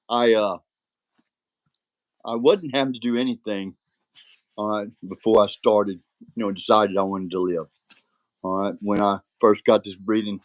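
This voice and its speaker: A man's voice: mid-range voice, no room sound, muffled recording. An older man talks casually to the camera in a rambling, frustrated way, often tossing in "all right". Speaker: vlogger.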